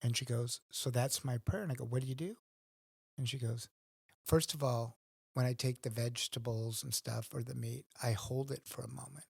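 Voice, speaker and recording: Gravelly, husky man telling stories. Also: medium pitch, steady tone, normal speed, darkish tone, no room sound, clean studio sound. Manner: earnest storyteller, acts out his own thoughts. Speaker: guest. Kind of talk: casual conversation.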